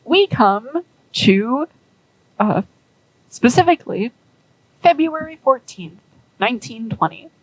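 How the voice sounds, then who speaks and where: Rambling woman telling a story slowly. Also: fairly high pitch, husky, poor audio. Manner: rambling, many "like"s, acts out quoted characters. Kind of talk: casual storytelling.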